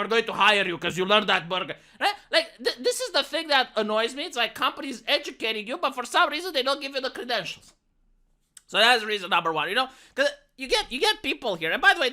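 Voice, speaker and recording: A man delivers a casual vlog rant. He is sarcastic and worked up, and his voice carries a bright, forceful edge. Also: extremely high pitch. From Romania. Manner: sarcastic, ranting. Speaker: vlogger.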